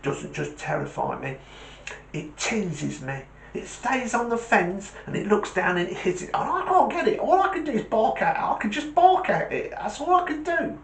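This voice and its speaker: A man's voice: high voice, sing-song, moderate pace, creaky, reverberant, slight background noise, pitched above the performer's own voice, heavily acted. A man voicing a small, nervous male terrier dog who stammers defensively in a joke. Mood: anxious.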